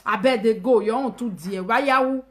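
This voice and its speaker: A woman with a Nigerian Pidgin English accent hosts a casual live stream with a high, bright voice. She rants emphatically and mockingly. She jumps from loud shouted outbursts down to low muttered asides. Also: normal speed. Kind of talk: animated casual rant.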